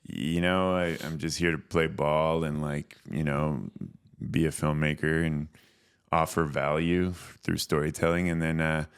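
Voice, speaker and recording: A comedian from Canada with a very deep, low voice tells stories in a laid-back, casual way. He often breaks into laughter mid-story. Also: flat delivery, unhurried, clean tone. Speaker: comedian and filmmaker guest.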